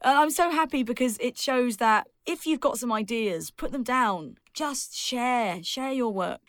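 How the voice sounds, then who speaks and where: A woman's voice: fairly high pitch, a bit bright, dry recording, clean studio sound. A woman, a public speaking coach and author, giving emphatic advice as a podcast interview guest and laughing often.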